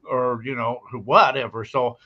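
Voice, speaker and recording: A man hosting a casual live-stream chat, talking in a relaxed, conversational way. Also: medium pitch, measured pace. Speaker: host. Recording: dull lo-fi stream audio.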